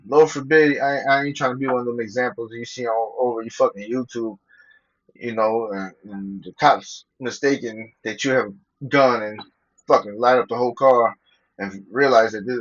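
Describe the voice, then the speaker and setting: A man's voice: medium pitch, fairly bright tone, lo-fi sound. A man talking casually and profanely, telling personal stories and quoting scripture, laughing between his points.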